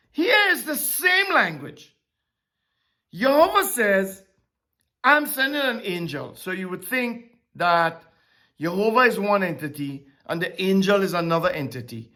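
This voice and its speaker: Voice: mid-range voice, bright, forceful tone. Bible teacher preaching, swoops up and down a lot, keeps asking the crowd questions. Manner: asks rhetorical questions and repeats key phrases. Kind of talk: sermon-style Bible teaching.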